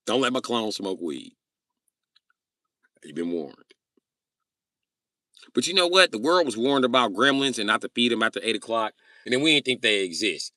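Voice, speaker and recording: A man hosting a casual livestream rant, answering chat comments loudly, swearing and joking. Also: medium pitch, no echo, studio quality. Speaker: livestream host.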